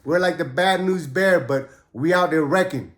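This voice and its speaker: A man's voice: a little high, moderate pace. A man telling prison stories in a casual, profane way, and he raises his voice when he quotes people. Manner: laid-back, profane, acts out quotes in a raised voice. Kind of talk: casual storytelling. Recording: roomy echo.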